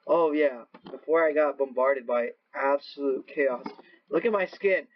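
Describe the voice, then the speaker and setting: A man doing gaming commentary, rambling to himself with profane, erratic outbursts and sudden yelling. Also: medium pitch, a little slow, no echo. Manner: rambling self-talk. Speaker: gaming channel host. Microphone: laptop mic. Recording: dull lo-fi laptop mic.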